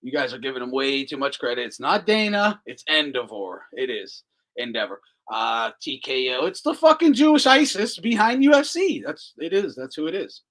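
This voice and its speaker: Brief: foul-mouthed host, lots of laughter, animated up-and-down delivery. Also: male voice, on the high side, moderate pace. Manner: profane, laughs often, mocking. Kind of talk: casual live commentary.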